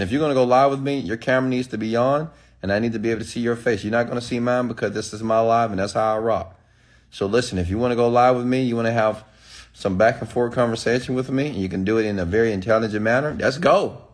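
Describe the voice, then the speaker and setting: A man ranting emphatically on a live stream, answering chat comments and preaching to his followers with repeated "okay?"s. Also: mid-range voice.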